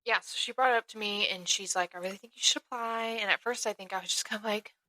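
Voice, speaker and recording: A woman's voice: mid-range voice, fast, sharp tone, no room sound. A young woman from Arkansas, a podcast guest, chatting in an easygoing way with many ums. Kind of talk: casual chat.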